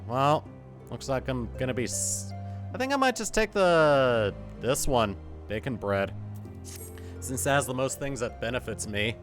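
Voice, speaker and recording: A man's voice: medium pitch, animated, unhurried, music in the background. Man chatting casually while streaming. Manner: casual, thinks aloud while playing. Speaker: game streamer. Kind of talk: casual live-stream commentary.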